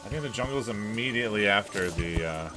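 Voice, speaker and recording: A man's voice: lowish voice, animated, a little fast. Guy streamer chatting while gaming, crude teasing banter, music playing behind. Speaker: streamer host. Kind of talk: casual gaming chat. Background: game music.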